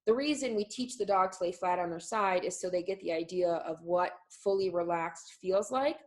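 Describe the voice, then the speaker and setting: A woman's voice: fairly low pitch, moderate pace, rough recording. A woman dog trainer explaining a method in a live online class, talking loosely with many fillers.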